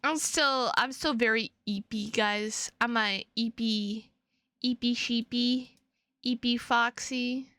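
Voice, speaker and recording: A young woman streamer rambles playfully to her chat, repeating words and drifting between topics. Her voice is bright and fairly high, and she talks at a slow, easy pace. The sound is dry and close to the mic. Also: fairly even intonation, no echo. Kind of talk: casual chat with stream viewers.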